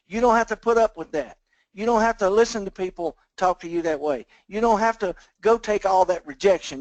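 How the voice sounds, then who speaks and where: High-voiced man giving a motivational pep talk. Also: fairly quick, no room sound, highs cut off. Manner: preachy, repetitive, folksy motivational delivery. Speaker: team leader on a sales call. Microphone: phone or conference call line.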